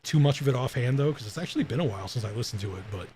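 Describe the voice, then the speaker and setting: A man's voice: medium pitch, expressive, very fast, darkish tone, slight background noise. A young American man hosting a stream, chatting casually and making crude jokes. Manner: joking, crude and laughing often. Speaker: streamer host. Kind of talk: casual chat.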